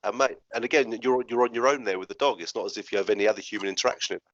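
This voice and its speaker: A man's voice: on the low side, steady tone, very fast, a bit bright, dry recording. A man hosting a casual interview, chatty and friendly, saying "mate" a lot. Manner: chatty, matey, lots of "mate". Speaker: host. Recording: dull lo-fi sound.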